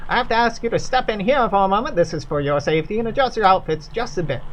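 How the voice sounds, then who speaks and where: A man's voice: high voice, expressive, quick pace, fairly bright tone, lo-fi sound, slight background noise, pitched above the performer's own voice. A man voicing a patient older man with a drawling Kentucky accent who guides newcomers through a strange workplace in a video game let's play. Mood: courteous.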